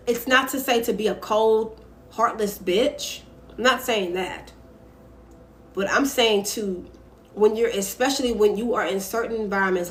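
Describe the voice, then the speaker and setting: Talking into her phone from home, a young woman running a casual advice live stream reads out viewer comments and responds with emphatic candor. Her voice is mid-range, and there's slight background noise.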